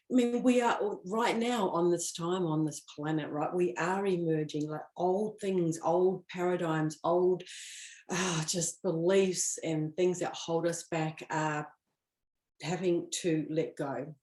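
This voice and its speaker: Woman host, lowish voice, chatty and playful, live-stream card reading, roomy echo. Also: slow pace, a little mellow. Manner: chatty, playful, riffs and laughs, acts out quoted self-talk. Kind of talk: casual live-stream talk. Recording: echoey room.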